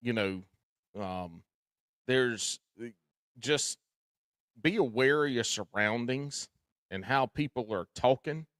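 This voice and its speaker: A man with a Southern drawl chats casually as a podcast host, telling folksy stories and swearing freely. His voice sits at a middling pitch and comes across dry and close, with no room sound. He talks with easy, lively energy. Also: slow, pauses often, no echo.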